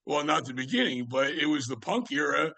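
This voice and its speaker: An older man in his seventies spins loose, meandering stories as a podcast guest, stopping and restarting his sentences often. His voice is gravelly but bright and slightly high. The sound is dry and close, with no room around it. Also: sing-song, fairly quick, dry recording. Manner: rambling, with many fillers and restarts. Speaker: guest, music writer. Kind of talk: casual anecdotal storytelling.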